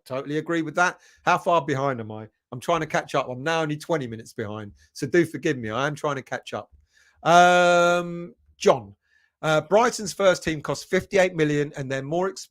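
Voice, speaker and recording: His voice is a little high with a fairly bright tone. As host of a football fan live stream, the man talks casually, reads comments from viewers out loud, and says hello to them by name with a chuckle.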